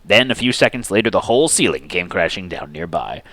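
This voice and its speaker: A man narrating a fantasy story aloud in an expressive, animated dramatic reading. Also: sits low, fairly quick, no room sound.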